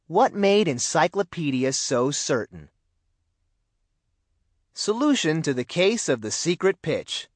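A man narrating a children's mystery storybook in an expressive, animated reading. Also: on the high side, slow pace, pauses often, dry recording. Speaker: audiobook narrator.

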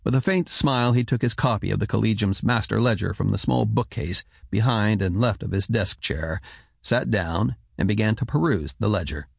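A man reading a fantasy audiobook in steady, even narration on a close mic. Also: fairly low pitch, normal speed, vocal fry, slightly rough, no echo. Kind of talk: scripted narration.

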